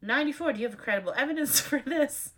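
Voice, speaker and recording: A woman's voice: high-pitched, animated, fast talker, a bit bright. A woman reading out a list of numbered editor's notes, breaking in with dry, sarcastic asides. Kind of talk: reading aloud with wry asides.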